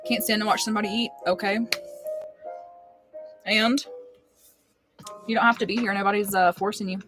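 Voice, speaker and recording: A woman's voice: mid-range voice, steady tone, normal speed. A woman chatting casually and frankly with her viewers during a live stream, reassuring and direct. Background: faint music playlist.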